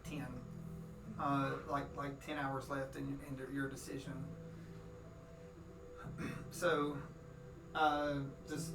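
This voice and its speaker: A man narrating a tabletop game as game master, in a rambling way full of restarts. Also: fairly high pitch. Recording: roomy, from far off. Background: music.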